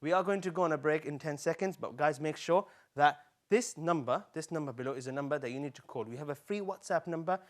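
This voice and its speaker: A man with a fairly high voice leads a live Quran lesson for children. He's animated and coaxing, repeating words slowly so the young learners can follow.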